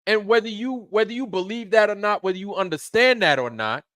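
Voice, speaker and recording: A man's voice: high-pitched, expressive, a little fast, fairly bright tone, no echo. Heated, profane man ranting. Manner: heated, profane, repeats himself. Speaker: channel host. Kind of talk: angry livestream rant.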